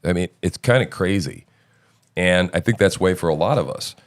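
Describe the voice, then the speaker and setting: A man's voice: low voice, expressive, normal speed. A middle-aged man hosting a casual live-stream chat, rambling loosely with many fillers and restarts. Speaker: show host.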